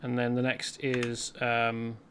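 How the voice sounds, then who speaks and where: A man's voice: medium pitch, completely flat delivery, slow pace, fairly bright tone, slight background noise. A man hosting a let's play, rambling chattily through gameplay commentary and correcting himself as he goes.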